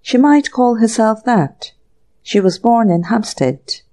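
A blunt, unsympathetic police inspector who states facts flatly, as a woman reader puts him on. He speaks slowly, in a dark, mellow tone. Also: fairly high pitch, pitched above the performer's own voice. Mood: curt. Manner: curt, matter-of-fact.

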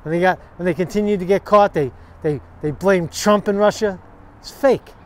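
Combative New man ranting, high voice. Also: normal speed. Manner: profane, sarcastic, combative. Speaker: vlogger. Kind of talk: angry political rant to camera. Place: outdoors on a city street.

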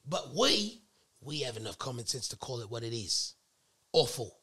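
A man's voice: medium pitch, very animated, takes it slowly, pushed and bright, no room sound, pitched below the performer's own voice, exaggerated voice. A man doing a snooty condescending Brit. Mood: haughty. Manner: haughty, condescending, mock-refined. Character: snooty British man lecturing Americans. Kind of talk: comedic put-on British accent.

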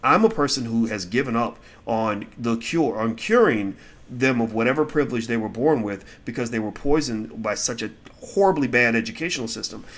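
A middle-aged man offers casual opinion commentary, taking viewer questions bluntly and heatedly, swinging between loud outbursts and low mutters. He talks a little fast.

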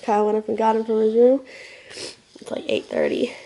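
A woman's voice: on the high side, level tone, normal speed, dark tone. A young woman from Oklahoma chatting casually to the camera at home, full of fillers, with a cold and a hacking cough. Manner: chatty, filler-heavy storytelling. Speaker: family vlogger. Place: family home, indoors.

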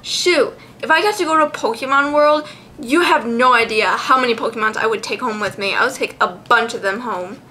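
A woman's voice: fairly high pitch, brisk, sharp tone, slight background noise. A young woman chatting casually as a vlogger, giggly, sounding out names and swearing freely. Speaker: card collection vlogger. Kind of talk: casual chat.

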